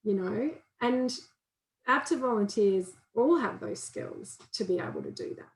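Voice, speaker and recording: A woman's voice: medium pitch, animated, unhurried. Woman counsellor in a roomy echo. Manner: warm, conversational, acts out inner voices in quotes. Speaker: counsellor and guest speaker. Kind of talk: informal training talk.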